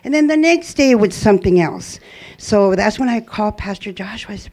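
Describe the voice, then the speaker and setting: Woman, church testimony, earnest and rambling, mellow tone. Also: medium pitch, lively intonation, fairly quick. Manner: earnest, rambling, with frequent restarts. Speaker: church member giving a testimony. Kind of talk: personal testimony to a congregation.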